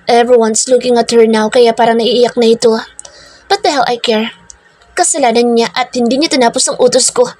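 A woman's voice: on the high side, steady tone, fairly quick, a little mellow, no echo, soft background music. A woman reading a first-person romance story, switching between English and Tagalog, in a stern, bossy tone. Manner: stern, bossy narrator voicing a strict company owner.

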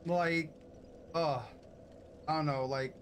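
A man's voice: fairly high pitch, fairly even intonation, takes it slowly, a little hiss or hum. A young man streaming a game, teary and grateful, swearing often while chatting with his viewers. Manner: tearful, grateful, swears a lot. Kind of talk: emotional live-stream chat. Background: game music.

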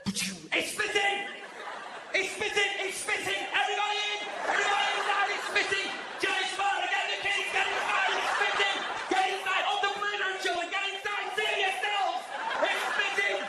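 Brief: frantic high-pitched woman, put on by a man yelling in alarm; live arena echo, loud audience. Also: little pitch movement, normal speed, very noisy. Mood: panicked. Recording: echoey arena, roaring crowd.

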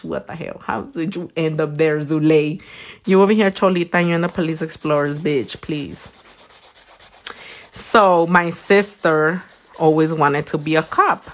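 Working on nails during a livestream, a young technician talks casually, telling lively stories, swearing without restraint and jumping into squeaky high voices.

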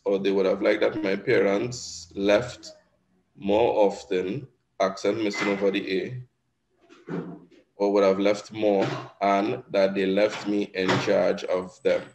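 A man with a Caribbean accent leads an exam revision class, walking students through mistakes in a sample letter. His voice sits a little low, and he explains in a patient, steady way, checking in with the class as he goes. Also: slow, background noise. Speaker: Spanish teacher.

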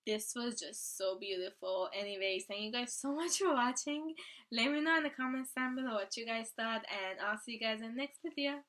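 A young woman talking casually in a reaction vlog, gushing and excitable, swearing freely and now and then dropping into a whisper. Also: a little high, a little fast. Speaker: YouTuber reacting to a music video.

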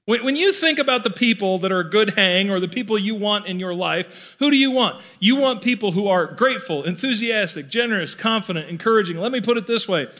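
A male pastor with a high, bright voice speaks to his congregation in a loose, conversational way. He keeps slipping into little acted-out voices to play the people he describes. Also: animated, fairly quick, hardly any pauses. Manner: conversational, playful, acts out quoted voices. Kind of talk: sermon. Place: church auditorium.

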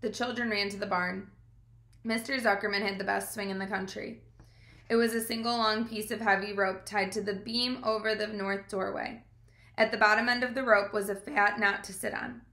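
A woman reads a children's book aloud in a calm, measured way. Her voice is bright and clear. The recording has the echo of a reflective room. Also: mid-range voice. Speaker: reader.

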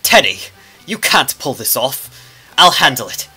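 Brief: man playing a haughty kid in a shaky fake British accent, very bright, piercing tone. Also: mid-range voice, very animated, unhurried, slightly rough, soft background music, full character voice. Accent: clumsy put-on British accent.

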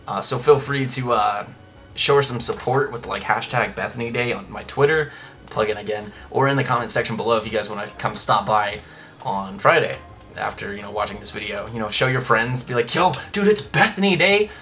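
Bright-voiced young man rambling over gameplay. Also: fairly low pitch, fairly even intonation, brisk, faint music behind. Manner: rambling, chatty, many restarts and asides. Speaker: Let's Play host. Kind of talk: casual gameplay commentary.

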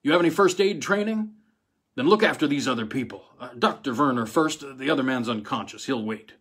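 A man voicing a gruff old army colonel who barks and roars commands. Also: medium pitch, expressive, moderate pace, a bit bright. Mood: commanding. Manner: barking, roaring orders.

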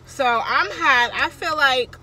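A woman's voice: high voice, slow pace. Sick, breathless woman vlogging. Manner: chatty, addresses viewers as y'all. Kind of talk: casual vlog chat. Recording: loud road noise in a car.

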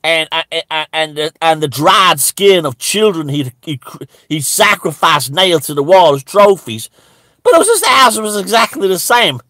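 A man playing a bigoted, stammering preacher who rambles indignantly and breaks into high shouts. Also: animated, moderate pace, dry recording. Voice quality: stammering, repeating words. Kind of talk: satirical character monologue.

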